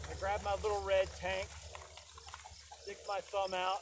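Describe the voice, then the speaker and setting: A man telling a personal story in a casual, animated way, often checking in with "right?". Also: high voice, unhurried, long pauses, background noise. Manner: animated, tags lines with "right?". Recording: distant mic, loud crickets outside.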